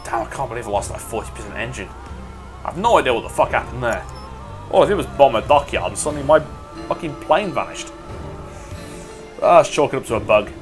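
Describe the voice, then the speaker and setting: A man's voice: mid-range voice, lively intonation, a little fast, long pauses. A young man giving casual, crude, rambling game commentary. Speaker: gaming commentator. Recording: voice over game music.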